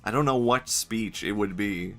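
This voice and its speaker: Low-voiced joking male streamer. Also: moderate pace, a bit bright, soft background music. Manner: joking, rambling, swears and laughs often. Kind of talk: casual gameplay commentary.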